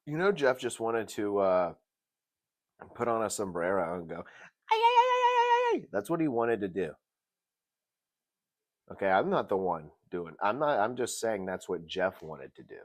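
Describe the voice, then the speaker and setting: A man hosting a casual TV review show, animated and jokey, swinging between loud bursts and mutters. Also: on the low side, normal speed, pauses often. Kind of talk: casual commentary.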